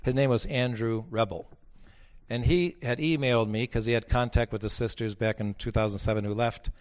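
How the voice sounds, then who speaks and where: A man's voice: medium pitch, fairly even intonation, fairly quick. A man speaking as a bishop, telling stories in a blunt, emphatic preaching talk that repeats its points.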